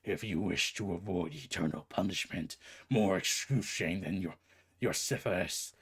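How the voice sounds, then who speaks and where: A man voicing a menacing male god of the underworld, slow, grave and threatening, sometimes dropping to a whisper. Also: low-pitched, husky, pitched below the performer's own voice.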